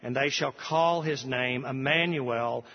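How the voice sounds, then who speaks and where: A man's voice: mid-range voice, in a large hall, dull audio. Earnest male pastor preaching. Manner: earnest, reads scripture slowly and with emphasis. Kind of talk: sermon.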